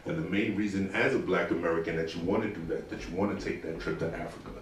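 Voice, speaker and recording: A man's voice: low voice, quick pace, slight background noise. A man from New doing profane stand-up comedy on a club stage. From New York. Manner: animated, profane, bursts into mock shouting. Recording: echoey club from far off, crowd.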